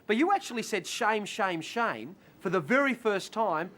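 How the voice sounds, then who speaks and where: A man's voice: high-pitched, lively intonation, moderate pace, fairly bright tone, pitched above the performer's own voice. A man sending a cheeky, jokey video greeting to an old friend. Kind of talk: video message.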